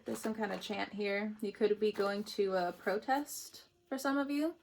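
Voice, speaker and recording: A woman's voice: mid-range voice, steady tone, moderate pace, hardly any pauses, darkish tone, slight background noise. A woman giving a casual spiritual card reading, chatty and emotional, laughing often between her messages. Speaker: tarot reader.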